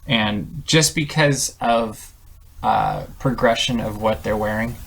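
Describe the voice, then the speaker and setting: A man's voice: lowish voice, takes it slowly, vocal fry, fairly bright tone, slight background noise, rough recording. A man hosting a podcast, steering a casual discussion with musing questions and speculation. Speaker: podcast host. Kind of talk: casual chat.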